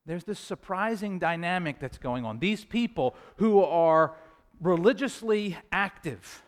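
High-voiced man preaching a sermon. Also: animated, unhurried. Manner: earnest preaching, rising emphasis on scripture quotes. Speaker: pastor.

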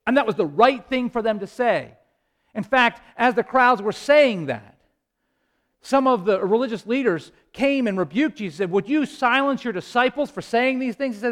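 A man preaching a sermon with impassioned delivery, swinging between loud rises and hushed low passages, with halting restarts. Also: expressive. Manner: impassioned, rising and falling, dramatic pauses.

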